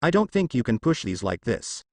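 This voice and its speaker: A man's voice: medium pitch, sing-song, normal speed, a little mellow, dry recording, clean studio sound. A man voicing a protective, concerned mother. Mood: earnest. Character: concerned human mother, protective of her son.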